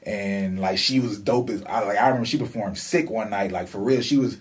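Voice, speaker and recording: A man's voice: on the low side, brisk, far from the mic. A man co-hosting a music podcast, telling rambling, laid-back stories. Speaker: podcast co-host. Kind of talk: casual podcast chat.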